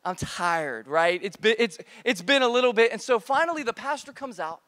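A man preaching a casual youth sermon as pastor, energetic and joking, recorded live in a church. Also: very high-pitched, moderate pace. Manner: energetic, playful, joking with repeated slang. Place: church auditorium, live service. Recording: long reverb of a church hall.

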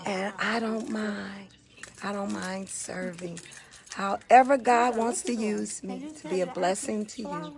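A woman's voice: medium pitch, measured pace, gravelly, crowd noise. A middle-aged woman on a phone livestream, emotionally thanking viewers by name in a casual, gushing way. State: teary. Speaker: gospel singer on a livestream.

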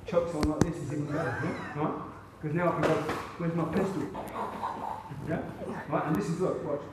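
A man's voice: on the high side, flat delivery, quick pace, heavy background noise. A man instructing a martial arts seminar, demonstrating moves in punchy bursts and checking in with "yeah?" after each point.

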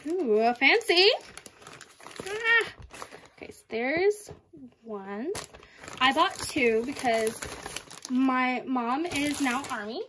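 A young woman unboxing collectibles in a casual vlog, excitable and gushing, often giggling. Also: high voice, slow pace, a little hiss or hum. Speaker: vlogger.

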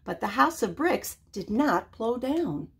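An older woman reading a children's story aloud, expressive and animated. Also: a little high, measured pace, slightly rough.

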